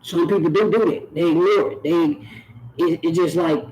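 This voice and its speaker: A man's voice: fairly high pitch, moderate pace, a little mellow, poor audio. A man, talking earnestly to camera on his own channel and repeating phrases for emphasis. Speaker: YouTube channel host. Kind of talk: direct-to-camera talk.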